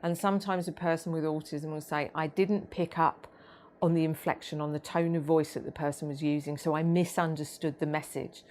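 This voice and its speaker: A woman giving a training talk about autism, measured and explanatory, with frequent ums and restarts. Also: sits low, fairly even intonation, a little mellow, slight background noise.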